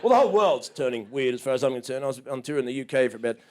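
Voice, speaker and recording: A man doing a stand-up comedy routine on a small club stage, ranting and swearing in disbelief, jumping into loud high shouts to act out other people. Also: expressive, rapid-fire.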